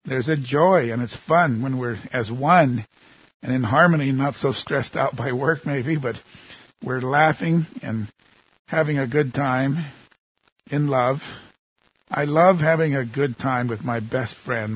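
A man's voice: medium pitch, a little slow, slightly rough, dull audio. A man in his sixties, a pastor, giving a sermon that opens with a prayer and speaks earnestly through rhetorical questions.

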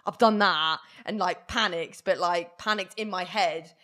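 A woman's voice: on the low side, unhurried, sharp tone. A woman from Jersey co-hosting a podcast, chatting casually with blunt, crude banter. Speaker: podcast co-host. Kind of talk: casual chat.

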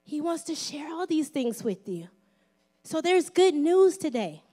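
Middle-aged woman pastor, high voice, lively playful sermon delivery, dips into whispers. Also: a little slow. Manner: drops to a whisper at times.

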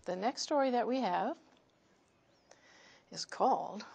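A woman storyteller reading picture books aloud to children in an expressive voice. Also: a little high, slow, gravelly, slightly rough.

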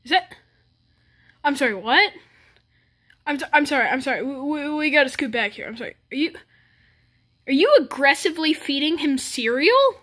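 A woman with a high, bright voice reacts to a music video with comic bewilderment. She stammers and restarts as she fires off exasperated questions at the screen. It is loose, running commentary. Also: animated, normal speed, long pauses.

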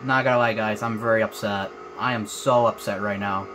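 A man's voice: lowish voice, fairly even intonation, brisk, noisy background. A young man hosting a racing game let's play, talking to viewers and repeating his frustration as he races. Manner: frustrated, repetitive, talks to viewers. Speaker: gaming channel host.

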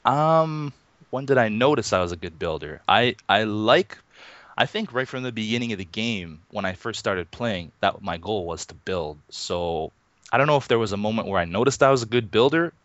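A low-voiced man in his thirties talks casually as an interview guest, relaxed and chuckling, full of "um"s and restarts. The sound is dry and a bit muffled, like an online voice call. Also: moderate pace, no room sound. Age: 30s. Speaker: interview guest, Minecraft YouTuber.

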